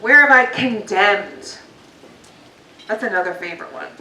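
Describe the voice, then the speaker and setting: A woman's voice: mid-range voice, animated, a little slow, crowd noise. A woman giving a personal motivational talk to a live audience in a meeting hall, candid and conversational with frequent ums. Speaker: guest speaker. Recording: roomy, distant, faint noise.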